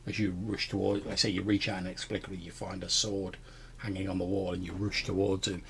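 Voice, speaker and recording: Male game master, low and gravelly, stammery storyteller. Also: level tone, fast, slight background noise. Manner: stammering repetitions, descriptive. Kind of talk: narrating a tabletop game.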